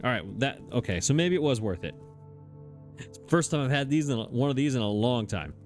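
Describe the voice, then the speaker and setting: A man's voice: medium pitch, expressive, fairly quick. Guy doing lets play commentary, frustrated, muttering to himself, faint music behind. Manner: frustrated, exasperated, talks to himself. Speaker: let's play gamer. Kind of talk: gameplay commentary.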